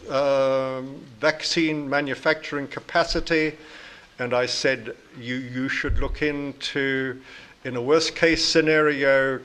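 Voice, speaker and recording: New Zealand man explaining science calmly. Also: mid-range voice. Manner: measured, explanatory, frequent restarts. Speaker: invited scientist answering questions. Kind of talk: lecture Q&A answers.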